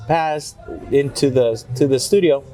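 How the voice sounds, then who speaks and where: A man's voice: mid-range voice, a little slow. A man who sings mariachi, a podcast guest, telling a story with Spanish phrases mixed in and acting out the people he quotes. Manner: animated, acts out quoted people in raised voices. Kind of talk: storytelling in an interview. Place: restaurant. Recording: clear background music.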